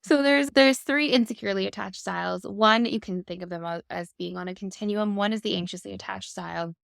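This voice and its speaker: A woman's voice: medium pitch, fairly quick, gravelly, dry recording, clean studio sound. A woman in her thirties, a guest expert, explaining attachment styles in a fluent, upbeat conversational way.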